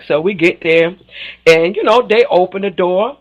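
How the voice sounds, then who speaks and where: A woman's voice: lowish voice, moderate pace, poor audio. A woman guest on a radio talk show, sassy and outspoken, telling stories with lots of laughter and acting out the people in them. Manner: animated storyteller, laughs often, acts out the people in her stories. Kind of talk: casual radio interview chat.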